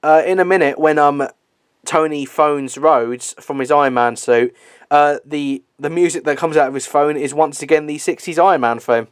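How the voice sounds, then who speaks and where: A man's voice: a little high, normal speed, smooth, no room sound. Chatty young man doing movie commentary. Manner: chatty, swears, laughs often, hesitant fillers.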